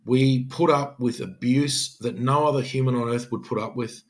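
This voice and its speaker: A man's voice: medium pitch, steady tone, normal speed. A middle-aged Australian police detective sergeant telling an emphatic, earnest story on a podcast, often acting out his own words.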